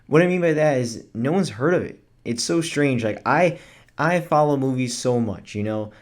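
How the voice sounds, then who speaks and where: A man's voice: medium pitch, lively intonation, normal speed. A man talking through a casual movie review in a chatty, rambling way, with fillers and self-corrections.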